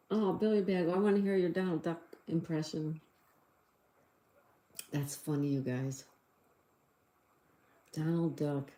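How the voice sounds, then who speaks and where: A low-pitched, warm voice belongs to this livestream host, a middle-aged woman who chats, giggles and reads out what viewers write in the chat. The recording is reverberant.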